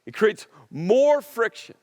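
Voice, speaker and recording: A male pastor preaches with an animated delivery and repeats key lines for emphasis. His voice is high and lively, and he speaks at a measured, slow pace. A long reverb fills the large church hall around him. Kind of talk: sermon.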